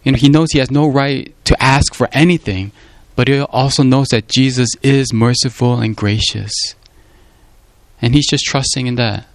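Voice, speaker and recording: A man's voice: mid-range voice, fairly even intonation, normal speed. A man preaching a sermon in an earnest, emphatic way, often repeating himself and leaning on "you know" as he explains. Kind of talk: sermon on a Gospel passage.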